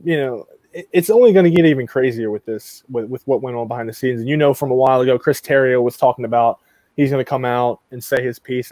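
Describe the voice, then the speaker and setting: A man talks fast and loose, circling back and restarting his sentences as he chats with co-hosts. His voice sits at an ordinary pitch and sounds dry and close, with no room around it. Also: darkish tone, dry recording. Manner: rambling, self-interrupting. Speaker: podcast co-host. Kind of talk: casual chat.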